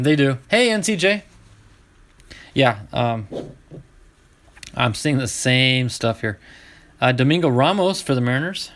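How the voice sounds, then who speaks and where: A middle-aged man hosting a live baseball card break, chatting casually with his viewers as he sorts cards. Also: mid-range voice. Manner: chatty, talks to chat viewers while sorting cards.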